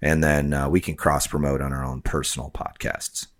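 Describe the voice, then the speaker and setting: A man's voice: extremely low pitch, level tone, moderate pace. A man co-hosting a podcast, talking casually and rambling with frequent restarts and fillers. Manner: rambling, self-correcting, lots of fillers. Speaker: podcast co-host.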